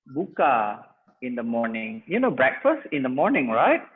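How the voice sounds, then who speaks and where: A man's voice: mid-range voice, big pitch swings, moderate pace, breathy edge. A man with an Indonesian accent teaching an English test-prep class. He quizzes the students and explains each answer. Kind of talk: TOEFL listening class review. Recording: tinny phone-like sound with long echo.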